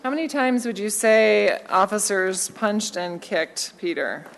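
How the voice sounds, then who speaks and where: A woman attorney questioning a witness at a hearing with brisk, pointed questions. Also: medium pitch, animated, vocal fry. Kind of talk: direct examination.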